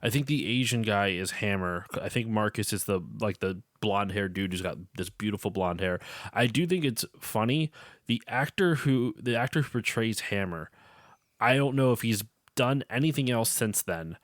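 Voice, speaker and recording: A man's voice: on the low side, lively intonation, moderate pace, dry recording, studio quality. A man talking casually about a film on a podcast, rambling and correcting himself as he goes. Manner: rambling, self-correcting, laughs easily. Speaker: podcast co-host.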